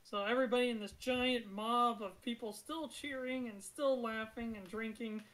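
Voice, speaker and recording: A woman's voice: fairly high pitch, normal speed, poor audio. Woman game master narrating a tabletop game. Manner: relaxed, chatty narration.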